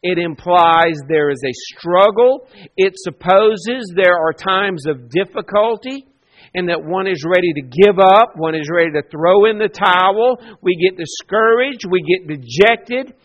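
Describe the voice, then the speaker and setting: Man, preacher, sermon, high-pitched, expressive, loud-to-hushed swings, dull lo-fi recording. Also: measured pace. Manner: expressive, swings between loud emphasis and quiet asides, acts out quoted characters.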